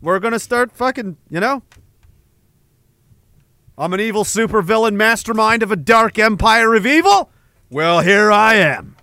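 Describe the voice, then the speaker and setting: A high, bright male voice that swings widely as he jokes through chat messages, swearing freely and acting outraged. The sound is close and dry with no room around it. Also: animated, measured pace, vocal fry, pauses often, no echo. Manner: profane, joking, mock-indignant. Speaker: streamer reading chat. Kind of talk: casual chat.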